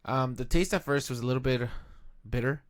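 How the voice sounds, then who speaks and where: A man co-hosting a beer-tasting podcast, talking in a laid-back, hesitant way with many pauses and ums. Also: mid-range voice. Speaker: podcast co-host. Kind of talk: casual beer-tasting chat.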